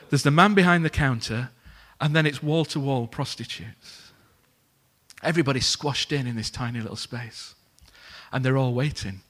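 A man preaching a sermon, telling a story in a lively way and acting out the characters' lines. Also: medium pitch.

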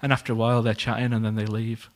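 A man preaching a sermon, telling a story in a lively way and acting out the characters' lines. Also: on the low side, very fast.

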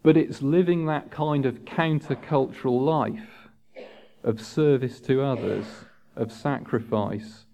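A man preaching a sermon in a measured, earnest way, lifting his voice for emphasis. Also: medium pitch, vocal fry, dark tone. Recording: dull lo-fi sound.

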